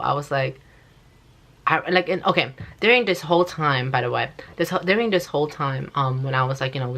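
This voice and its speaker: With a bass voice of fairly bright tone, a young woman vlogs a casual story, rambling, cursing and filling it with "like" over and over.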